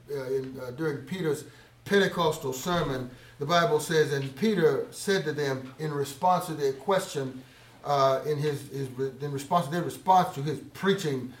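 A man delivers a sermon, his slightly high voice surging loud on key words and then sinking almost to a whisper. He stretches scripture phrases out slowly for weight. The sound rings in an echoey room. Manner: dynamic preaching, swells loud on key phrases and drops to a hush; slow, drawn-out emphasis on scripture words. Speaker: pastor.

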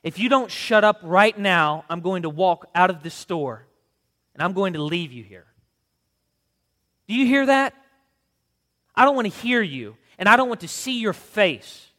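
A man voicing an angry, bitter young mother who shouts threats at her little boy. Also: sits high, long reverb tail, voice pushed up.

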